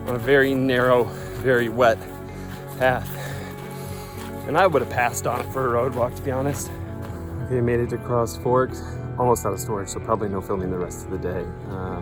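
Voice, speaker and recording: A man chatting casually to the camera on a long hike, tired and wry, outdoors on a forest trail. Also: medium pitch. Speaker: hiking vlogger.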